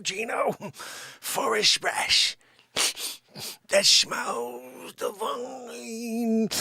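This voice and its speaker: A man putting on a loud, bossy café regular who shouts for his espresso. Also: very high voice, gravelly, husky, no room sound, voice pushed up, full character voice. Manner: shouting, bossy and indignant, demanding service. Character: brash loud grown man fussing over espresso at a café. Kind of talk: improvised comedy bit.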